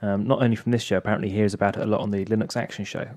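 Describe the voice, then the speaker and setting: A man's voice: fairly low pitch, flat delivery, rapid-fire, darkish tone, dry recording. A man co-hosting a podcast, reading listener emails in casual chat with joking asides. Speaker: podcast co-host.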